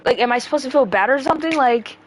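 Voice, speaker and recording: A young woman ranting on a livestream into a close mic, combative and full of swearing, talking fast and breathing hard. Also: high-pitched, expressive. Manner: profane, combative, rapid rants with breathing. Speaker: livestreamer answering chat.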